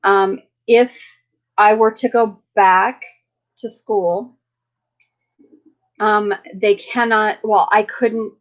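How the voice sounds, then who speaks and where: Earnest, halting woman chatting on a livestream. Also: mid-range voice, steady tone, low-quality recording. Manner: earnest, halting, circling back on herself. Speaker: livestream host. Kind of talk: casual live chat.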